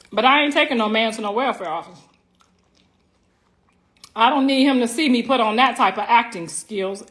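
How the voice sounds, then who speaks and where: A woman's voice: on the high side, normal speed, pauses often, a bit bright. A middle-aged woman hosting a casual livestream from home on her phone, brash, profane and teasing, talking straight to her viewers and drawing out words for emphasis. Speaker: livestream host.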